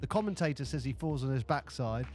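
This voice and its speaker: A man co-hosting a podcast, telling stories in a rambling, animated way with many restarts. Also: medium pitch, fast talker, soft background music. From United Kingdom. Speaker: podcast co-host. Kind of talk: casual chat.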